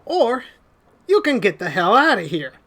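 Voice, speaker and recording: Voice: mid-range voice, very animated, moderate pace, a bit bright, pitched above the performer's own voice. A game master voicing a cocky male thug with a Southern US accent, drawling and mocking.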